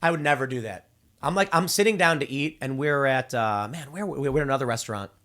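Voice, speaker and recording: A man's voice: medium pitch, fast, pushed and bright. A male host in his thirties giving casual opinion commentary, rambling and restarting with repeated words. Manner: acts out quoted people in exaggerated voices.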